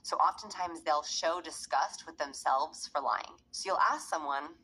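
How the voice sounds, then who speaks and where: A woman's voice: deep voice, unhurried, pushed and bright, a little hiss or hum, low-quality recording. A woman researching behavior, explaining her findings in an interview and acting out examples as she goes. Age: adult parent. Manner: demonstrates examples by acting out voices.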